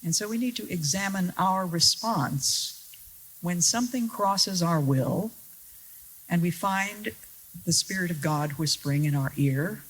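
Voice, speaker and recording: A woman preaching a sermon to an audience, earnest and deliberate, with wry rhetorical questions and stressed key words. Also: on the low side, a little hiss or hum, rough recording. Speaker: Christian speaker.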